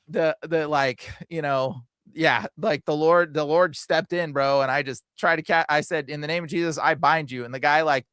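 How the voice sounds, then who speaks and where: A man's voice: on the high side, a bit bright, clean tone, no echo, studio quality. A man telling a story in a loose, rambling way, laughing often and using many fillers. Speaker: deliverance minister. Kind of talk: casual conversation.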